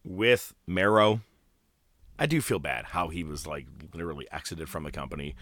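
Male co-host, low but bright, swoopy delivery, dry sound, wisecracking banter. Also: moderate pace, no echo. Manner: animated, jokey commentary with swearing. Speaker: podcast co-host. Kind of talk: casual wrestling banter.

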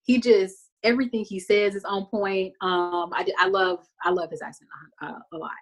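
A woman from Texas hosting a podcast, retelling TV scenes in an animated, casual way full of fillers. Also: medium pitch, moderate pace. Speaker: podcast host recapping a TV show. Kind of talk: casual chat.

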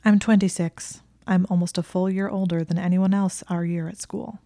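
A young witch librarian in her twenties, sharp and curt and short on patience, as a woman voices her in a storybook reading. The voice is low, gravelly and mellow. The sound is dry and close. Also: little pitch movement, brisk, no echo, natural voice. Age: 20s. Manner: curt and clipped.

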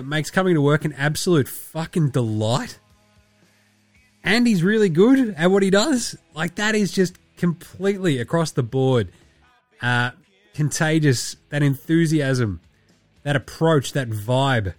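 Loose, sweary Australian podcast host. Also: male voice, on the high side, no room sound. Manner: loose, profane, laughing, rambling. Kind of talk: casual sweary podcast chat.

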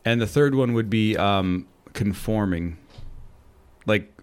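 A man's voice: lowish voice, takes it slowly, clear, resonant tone. Laid-back man hosting over drinks. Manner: loose, laughing, drinking shots on air. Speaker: podcast host. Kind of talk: casual chat.

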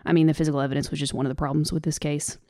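This co-host rattles off her thoughts rapid-fire in a deep, flat voice with a Southern American accent, being from the Southern United States. The casual podcast talk is earnest, loose and unscripted, with soft laughs, captured dry and studio quality on a studio microphone.

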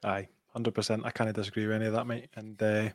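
A man's voice: lowish voice, flat delivery, quick pace, no room sound, clean studio sound. A Scottish man co-hosting a podcast, easygoing and agreeable as he reads out listener comments. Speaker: podcast co-host. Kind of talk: casual chat, reading comments.

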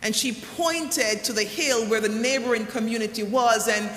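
Preacher giving a sermon in a big echoey room, bright voice, drags out the big lines. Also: mid-range voice. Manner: repeats lament refrain, drawn-out slow emphasis. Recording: echoey hall, faint room noise.

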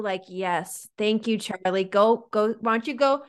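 A woman co-hosting a podcast in casual chat, animated and sarcastic, with lots of "like". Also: medium pitch, a little slow, clear, resonant tone. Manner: animated and sarcastic, heavy use of "like". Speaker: podcast co-host.

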